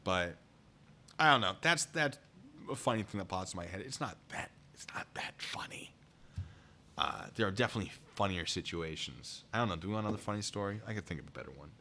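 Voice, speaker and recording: Lively storytelling man, bright voice. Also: sits low, fast, slight background noise. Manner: animated, acts out quoted voices; self-described deadpan humor. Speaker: streamer telling stories. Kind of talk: casual storytelling chat.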